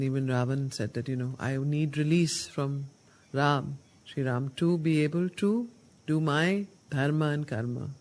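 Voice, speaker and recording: A woman leads a study circle, reading poetry aloud and pausing to explain it. She speaks very slowly and deliberately, leaning hard on single words and putting questions to her listeners. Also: deep voice, a little mellow. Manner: slow, emphatic recitation of verse, stressing single words; asks the group questions while explaining.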